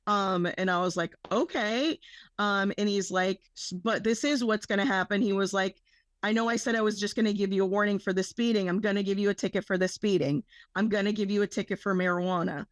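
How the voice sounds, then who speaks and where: A woman's voice: mid-range voice, fairly quick, dry recording. A young woman co-hosting a podcast, telling a rambling story full of swearing and quoted dialogue. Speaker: podcast co-host. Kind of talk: casual storytelling.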